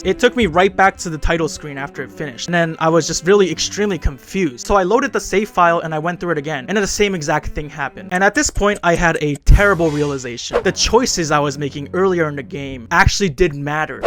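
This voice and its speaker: A man's voice: on the high side, a bit bright. A man narrating a comedic video review, swearing and ranting in exasperation. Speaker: anime and game reviewer.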